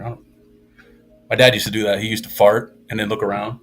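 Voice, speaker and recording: A man's voice: on the low side, little pitch movement, a little fast, a bit bright, faint music behind. A man chatting casually on a live stream in a rambling, sarcastic and self-mocking way.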